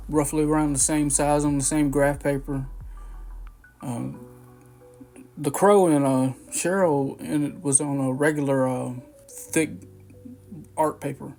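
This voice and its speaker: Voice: medium pitch, warm tone. A person in their forties telling a long personal story to camera in a loose, rambling way, with frequent swearing and restarts. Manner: rambling, profane, full of restarts and fillers. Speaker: vlogger. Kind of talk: casual storytelling.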